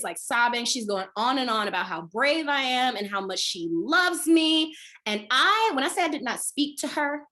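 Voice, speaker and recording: A woman comedian tells a personal story over a video call. Her voice sits high and bright, and her pitch leaps around with dramatic comic flair. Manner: animated, dramatic comic delivery. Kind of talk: storytelling performance.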